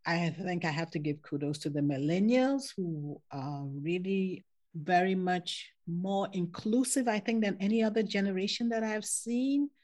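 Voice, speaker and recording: Older woman, raised in the Caribbean, podcast guest, thoughtful, slightly low voice. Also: unhurried, darkish tone. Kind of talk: conversational interview.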